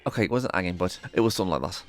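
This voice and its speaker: Fast-talking, lively young man reviewing comedy. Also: deep voice. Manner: chatty and enthusiastic, often retelling jokes with put-on voices. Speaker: video host reviewing comedy shows. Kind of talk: casual spoken review.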